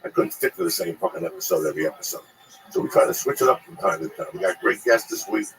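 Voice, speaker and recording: A man's voice: low-pitched, expressive, fast, gravelly, fairly bright tone, faint music behind, poor audio. A man hosting his own podcast, talking in a brash, profane way while plugging upcoming shows. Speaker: podcast host and touring comedian. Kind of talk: casual podcast chat.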